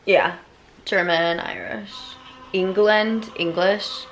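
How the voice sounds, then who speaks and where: A woman's voice: mid-range voice, steady tone, slow, soft background music, low-quality recording. A woman vlogging her day in a chatty, bubbly way, full of "like" and "um". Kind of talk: casual day-in-the-life vlog chat.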